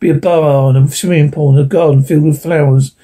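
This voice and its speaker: Guy reading a sci-fi audiobook, husky and mellow, a bit high, trips over words sometimes. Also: brisk. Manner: steady, with occasional slips and restarts. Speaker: audiobook narrator. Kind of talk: audiobook narration of science fiction.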